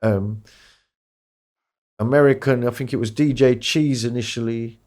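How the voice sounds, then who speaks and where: A man's voice: mid-range voice, fairly even intonation, measured pace, darkish tone. A middle-aged man with an East London accent, talking candidly and bluntly as a DJ guest, swearing freely. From East London, England. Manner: blunt, swears freely, mimics people in quotes. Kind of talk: candid podcast interview.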